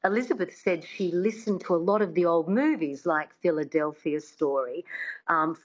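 Accent coach on a dull remote line. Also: female voice, lowish voice, moderate pace, breathy edge. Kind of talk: radio interview guest.

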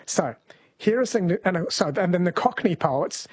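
A man's voice: sits high, animated, unhurried, breathy edge, no echo. A man co-hosting a comedy podcast, explaining at length in a lecturing tone. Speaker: co-host. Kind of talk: casual comedy podcast chat.

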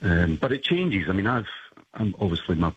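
A man calling into a radio show, speaking in a measured, hesitant way over a dull line. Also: low voice, sing-song, a little hiss or hum. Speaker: caller. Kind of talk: casual radio call.

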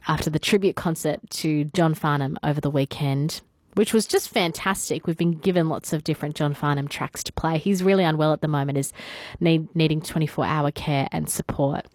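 A woman's voice: low voice, steady tone, a little fast, darkish tone, dry recording. A woman with an Australian accent hosting morning talkback radio in a studio, chatting casually with fillers and reading out listener messages. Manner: chatty and conversational, with fillers and laughs. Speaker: radio host.

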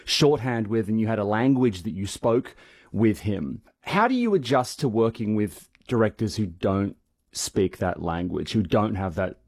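A man with a fairly low voice puts long, measured questions to his guest. The sound is dry and close. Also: animated, a little mellow, no room sound. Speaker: interviewer. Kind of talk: interview questions.

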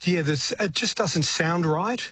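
Older man, halting chat. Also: fairly high pitch, a bit bright, a little hiss or hum. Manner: rambling, halting, restarts thoughts. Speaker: musician guest. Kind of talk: casual radio interview.

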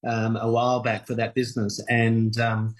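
Husky man, halting radio guest. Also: mid-range voice, completely flat delivery, poor audio. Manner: halting, repeats words, warm and reflective. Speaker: kite workshop owner, radio guest. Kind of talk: radio interview.

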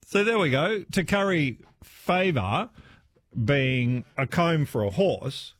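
A man hosting a phone-in radio show, chatty and quick to laugh. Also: a little high, no room sound. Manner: lively, chatty, laughs easily. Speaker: radio talkback host. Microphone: studio microphone.

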